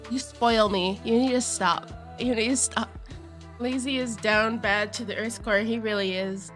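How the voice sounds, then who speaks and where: A young woman streaming live, chatting casually to viewers, giggly and excitable, with a cold and chewing cough drops. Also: a little high, a little slow, soft background music. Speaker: VTuber streamer.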